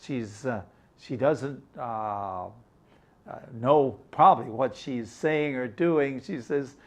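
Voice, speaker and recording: An older man teaching English through a story, explaining words slowly and glossing them in Mandarin. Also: mid-range voice.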